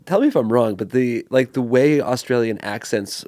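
A man co-hosting a comedy advice podcast, chatting casually with quick, easygoing quips. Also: mid-range voice, darkish tone, no echo, clean studio sound. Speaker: podcast co-host.

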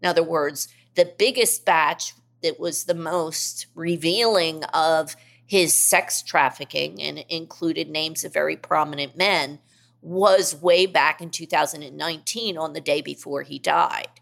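A middle-aged woman with a low, gravelly voice answering interview questions. She speaks earnestly and leans hard on key words. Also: unhurried, fairly bright tone. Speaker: investigative reporter, guest. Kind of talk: podcast interview.

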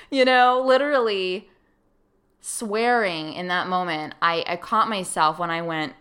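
Woman podcast host, solo casual storytelling, bright and clear tone, animated, voices her own inner thoughts. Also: medium pitch, takes it slowly. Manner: animated, acts out her own past thoughts, laughs easily.

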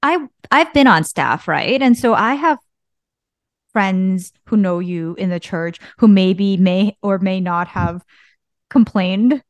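A woman's voice: medium pitch, slow pace, no room sound, highs cut off. Female co-host, church staff, medium voice, laughs easily, dry close mic. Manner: warm-hearted, laughs often. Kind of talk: casual chat.

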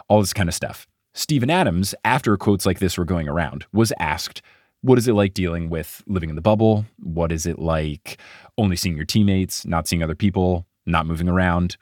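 Low-voiced man telling stories, dry sound. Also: moderate pace, no echo. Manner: laughs often, animated storytelling. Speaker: podcast co-host. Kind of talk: casual chat.

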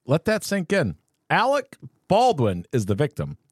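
A man holds forth on a home podcast, frustrated and full of rhetorical questions. His pitch swings widely as he argues, and the sound is dry and close with no room echo. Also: huge pitch swings, measured pace, husky. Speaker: podcast host. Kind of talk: casual opinionated chat. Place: cluttered home office.

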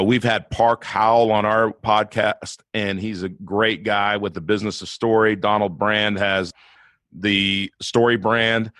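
A man hosting a podcast, talking in a friendly, rambling way with quick asides. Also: fairly low pitch, a bit bright, no echo. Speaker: podcast host. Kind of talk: casual podcast chat.

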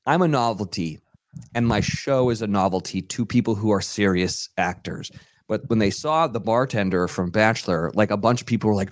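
A radio DJ and TV personality, appearing as a podcast guest, tells casual anecdotes in a studio with no echo. His lowish, dry voice moves a little fast as he animatedly acts out quotes, using many fillers.

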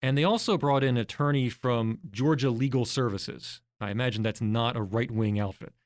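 A man speaking as a podcast guest, laying out his points one by one in a level, mid-pitched voice. The sound is dry and close, with no room around him. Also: moderate pace, no room sound. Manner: explanatory, walks through examples step by step. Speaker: guest researcher. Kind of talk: podcast interview.

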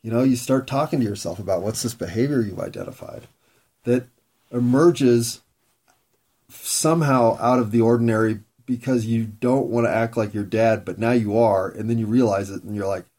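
A man talking through a candid, reflective monologue, rambling with pauses and frequent swearing, self-mocking. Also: mid-range voice, darkish tone.

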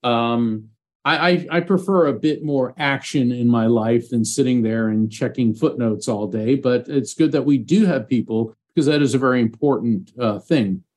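A man's voice: mid-range voice, moderate pace, a little mellow. A man, a psychic medium being interviewed as a guest, telling a personal story in an earnest, heartfelt way.

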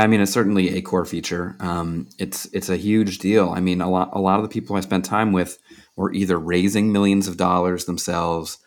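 A man being interviewed as a journalist and author, telling anecdotes in a loose conversational way with frequent fillers. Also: low-pitched.

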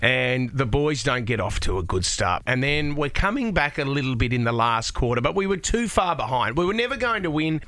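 Bright-voiced radio host. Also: male voice, mid-range voice, a little fast, few pauses, no echo. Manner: lively, emphatic, asks "right?" often. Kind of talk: animated storytelling on a radio show.

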